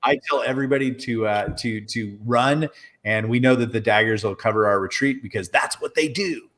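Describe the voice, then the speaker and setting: A man's voice: mid-range voice, moderate pace, a bit bright. A man playing a tabletop game, declaring his character's actions in a brash, boastful way. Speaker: player.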